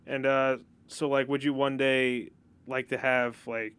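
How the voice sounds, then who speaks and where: Young man, podcast host, smooth clear voice, relaxed hesitant talk, casual chat. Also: medium pitch, measured pace. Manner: relaxed, hesitant with many fillers.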